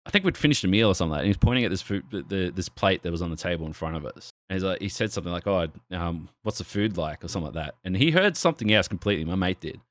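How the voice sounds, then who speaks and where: A young man on a podcast, a low voice that swings widely in pitch as he acts out the people in his story. He swears freely and laughs often, sounding close and dry on the mic. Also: lively intonation, very fast, hardly any pauses, a bit bright, no room sound. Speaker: podcast co-host. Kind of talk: casual podcast chat, storytelling. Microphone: desk microphone with arm.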